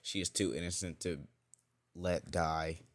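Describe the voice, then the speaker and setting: A gruff young man with dark powers speaks in a low, flat voice, played by a man telling the story. His lines come out curt and protective. The sound is dry and close. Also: a little slow, no echo. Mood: solemn.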